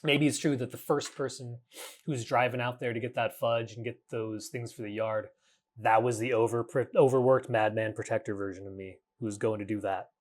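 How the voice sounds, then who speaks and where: A man in his thirties, speaking at a middle pitch, hosts a reflective solo podcast. He talks earnestly and haltingly, often restarting his sentences and dropping casual curses. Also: fairly even intonation. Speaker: podcast host.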